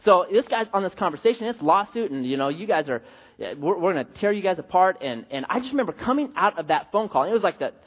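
A man preaching a sermon, telling a personal story in an animated way and asking the audience questions. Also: high-pitched, fast, breathy edge. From US West Coast. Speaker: pastor. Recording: dull hall reverb.

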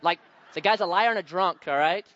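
A man's voice: high-pitched, a little fast, a faint crowd. A male pastor teaches from scripture in an easy, conversational tone. He leans into key words with sudden bursts of emphasis. The recording sounds slightly muffled. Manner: conversational, emphatic, varies loudness for stress. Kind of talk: sermon with anecdotes.

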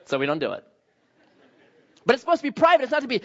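A man's voice: extremely high pitch, wildly swooping pitch, quick pace, muffled recording, some chatter behind. A man preaching a sermon as pastor, telling stories with self-mocking jokes. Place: church sanctuary.

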